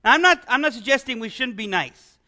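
A man delivers a conversational sermon in a strikingly high voice. His tone is bright and sharp as he poses rhetorical questions and chuckles between points. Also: animated, brisk. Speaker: pastor.

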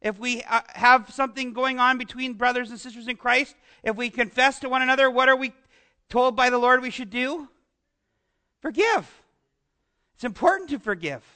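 A man's voice: very high voice, moderate pace, bright, forceful tone. A man with a Canadian accent preaching a conversational sermon, chatty and joking with his congregation, trailing into asides and restarts. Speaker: pastor.

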